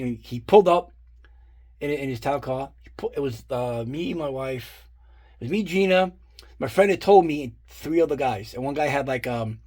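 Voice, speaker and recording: A middle-aged man with a mid-range, slightly mellow voice shows off his guitar pick collection. He rambles casually and swears freely, filling the show-and-tell story with fillers and asides.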